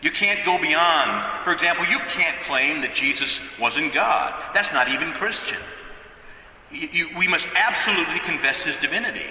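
A priest preaching a sermon in a bright, ringing voice pitched a little high, speaking casually and often restarting his sentences. He sounds distant from the microphone, with the long echo of a church hall around him. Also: animated, normal speed. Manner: conversational preaching with repeated restarts.

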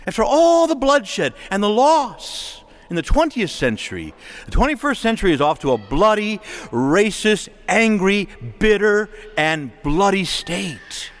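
Impassioned male preacher, lively pitch. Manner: impassioned, rising to emphatic exhortation. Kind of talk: sermon.

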